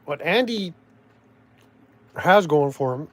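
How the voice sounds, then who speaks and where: Recorded dry, a Canadian vlogger with a fairly high, expressive voice talks slowly through casual, sardonic commentary that rambles, loses its thread, and keeps restarting with trailing thoughts.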